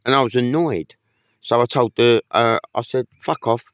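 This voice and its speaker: A man's voice: mid-range voice, normal speed, fairly bright tone, clean tone, no echo. A man in a casual monologue to camera, rambling and aggrieved, swearing often. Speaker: vlogger.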